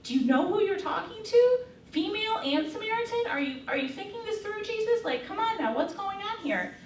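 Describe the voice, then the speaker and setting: A woman voicing a group of flustered male disciples who scold in an exasperated, high-pitched way. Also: sing-song, brisk, slight background noise. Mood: freaking out. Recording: echoey room, mic far off.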